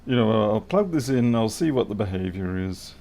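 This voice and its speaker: An electronics repair technician thinks aloud and mutters to himself during a live repair stream. He has a fairly low, warm voice with lively intonation, talks at normal speed, and there's slight background noise.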